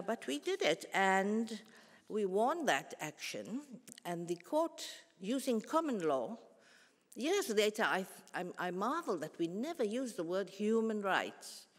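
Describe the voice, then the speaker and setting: A woman, giving a formal public lecture in a measured, earnest way with pauses and restarts. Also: medium pitch. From South Africa. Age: 70s. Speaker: guest lecturer. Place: large concert hall. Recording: long hall reverb.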